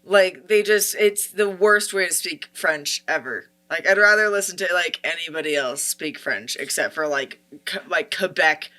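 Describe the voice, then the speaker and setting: A woman's voice: lowish voice, moderate pace, few pauses, pushed and bright. A woman co-hosting a casual podcast, giving opinionated explanations with many filler words. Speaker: podcast co-host.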